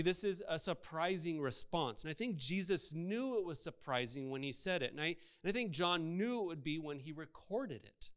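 A male pastor delivers a sermon in a smooth, resonant voice set a little high for a man. He talks in a conversational way and keeps putting rhetorical questions to the congregation. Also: fairly bright tone.

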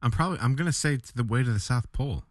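A man co-hosting in casual chat, joking and quick to laugh while playing along with the story. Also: medium pitch, expressive, no echo, clean studio sound. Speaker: co-host playing the reader.

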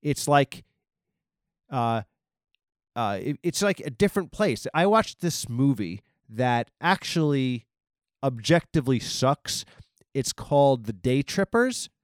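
Long island guy rambling thru a funny story, lotsa likes and ums, smooth clean voice, dry close mic. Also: medium pitch, lively intonation, slow pace, dry recording. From Long Island, New York. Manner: meandering, many ums and likes, self-interrupting. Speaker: podcast host. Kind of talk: rambling comic storytelling monologue.

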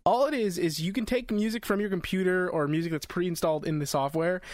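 Animated, slightly high-voiced podcast man. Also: brisk, no room sound. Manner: animated, swears, laughs, acts out quotes. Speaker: podcast co-host. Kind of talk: casual chat.

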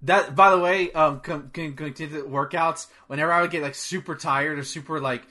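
Bright-voiced excitable man. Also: fairly high pitch, fairly quick. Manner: excitable, swears freely, laughs often. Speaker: movie commentary co-host. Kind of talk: casual chat.

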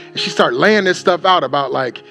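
Emphatic pastor preaching, slightly high voice. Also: male voice, expressive, brisk, bright, forceful tone, soft background music. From Wisconsin. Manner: emphatic, repeating phrases for effect. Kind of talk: sermon.

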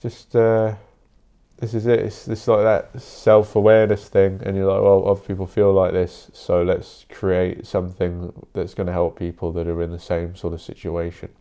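Deep gravelly sweary man. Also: completely flat delivery, moderate pace, warm tone. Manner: rambling, sweary, blunt. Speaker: podcast host. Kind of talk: casual solo monologue.

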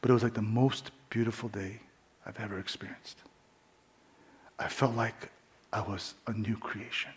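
A young man preaching his testimony, swinging between hushed whispers and loud fervent bursts. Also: on the low side, steady tone, moderate pace, long pauses. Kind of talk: testimony sermon.

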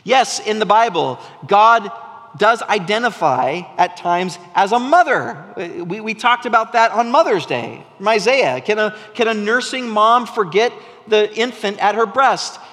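High, bright-voiced male preacher in a reverberant hall. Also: animated, a little slow. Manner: conversational, storytelling preacher with frequent restarts. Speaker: pastor. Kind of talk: sermon. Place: church sanctuary.

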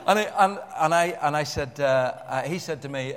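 An older man preaching a sermon to a congregation in an animated way, repeating words and joking with the listeners. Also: on the high side, moderate pace, hardly any pauses. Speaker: pastor. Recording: long church-hall reverb.

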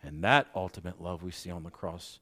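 Pastor preaching, slowing for emphasis. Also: male voice, low-pitched. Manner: slows down for emphasis and rises loudly on key points; self-deprecating asides with light laughs. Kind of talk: sermon.

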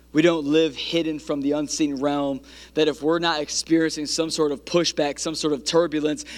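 A male preacher with a somewhat high voice delivers a sermon in a repetitive, rhetorical cadence. He stacks parallel phrases and pushes them upward into emphatic peaks.

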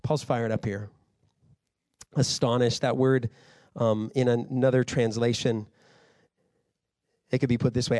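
A man's voice: medium pitch, level tone, a little slow, long pauses, a little mellow, dry recording. Conversational preaching man, dry sound. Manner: conversational preaching, rising to fired-up emphasis. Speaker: pastor. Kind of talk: sermon.

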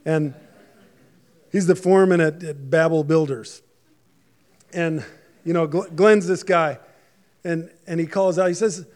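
A man's voice: fairly high pitch, fairly even intonation, a little slow, long pauses, darkish tone. A man preaching a sermon in a conversational, joking way, with frequent asides to the congregation. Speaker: pastor.

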